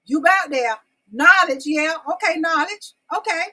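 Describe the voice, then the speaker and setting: On a rough recording, a woman speaks in an extremely high, animated voice that sounds pushed and bright, though she takes her time. She runs her own live-stream talk show, chatting casually with viewers and repeatedly asking them to reply in the comments. In a folksy way, she calls them y'all and babies.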